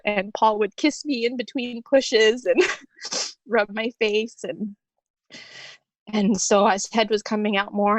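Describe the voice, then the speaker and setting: A woman guest telling her own story in an emotional interview, tender, with soft laughter through tears. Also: medium pitch, no room sound.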